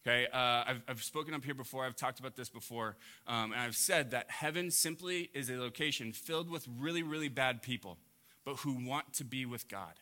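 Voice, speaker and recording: A man preaching a sermon to a congregation, swinging between loud emphatic peaks and quiet low asides. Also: fairly quick. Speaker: pastor.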